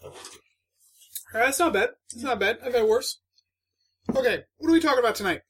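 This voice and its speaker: A man's voice: very high voice, animated, fairly quick, fairly bright tone, breathy edge. A man co-hosting a book podcast, chatting casually with dry, teasing banter. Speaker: podcast co-host. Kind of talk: casual chat.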